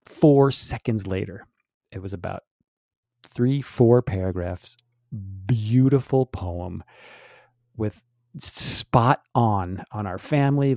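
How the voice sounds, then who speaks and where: A man in his fifties, co-hosting a podcast, telling a story in lively casual chat and laughing often. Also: mid-range voice, no room sound, studio quality. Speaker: podcast co-host.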